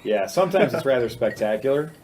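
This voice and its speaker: A man's voice: medium pitch, animated, fast, darkish tone, slight background noise. A man co-hosting a casual motorcycle talk show, joking and rambling with friends. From Ohio, USA. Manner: joking, rambling, laughs often. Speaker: podcast co-host. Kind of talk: casual banter.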